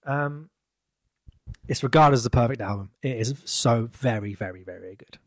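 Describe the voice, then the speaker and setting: A man's voice: mid-range voice, moderate pace, dry recording, clean studio sound. A man co-hosting a podcast in casual chat, enthusiastic and joking. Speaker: podcast co-host.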